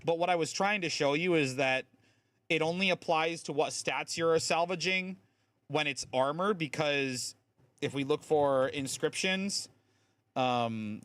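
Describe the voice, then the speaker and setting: A man streams a game and explains its mechanics in a chatty way, dropping in lots of fillers as he goes. His mid-range voice is a bit bright, and there's no echo on this casual live-stream commentary.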